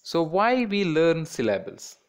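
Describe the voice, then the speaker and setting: A man's voice: on the high side, huge pitch swings, measured pace. A man teaching a children's class in Indian English, patiently repeating words and breaking them into syllables.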